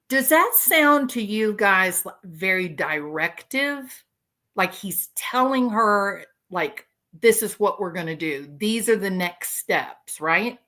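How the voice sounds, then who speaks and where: Animated woman hosting a commentary. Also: mid-range voice, slow pace. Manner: speculative, rhetorical questions, animated. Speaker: true crime commentary host. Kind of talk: casual commentary to viewers.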